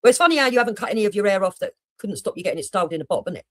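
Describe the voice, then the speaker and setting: A woman's voice: medium pitch, big pitch swings, racing, no echo. A woman doing heated reaction commentary on a livestream, blunt and mocking, with heavy swearing. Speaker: livestreamer reacting to another streamer.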